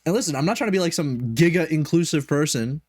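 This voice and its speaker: A man's voice: fairly high pitch, lively intonation, quick pace, a little mellow, dry recording, studio quality. A man giving casual reaction commentary, rambling with lots of swearing and laughing asides. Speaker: commentary streamer.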